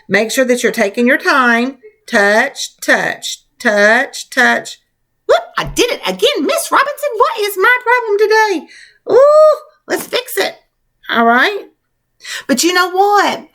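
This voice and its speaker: A woman teacher leading a spelling lesson for young children, spelling words out letter by letter in a slow, clear, encouraging way. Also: a little high, a bit bright.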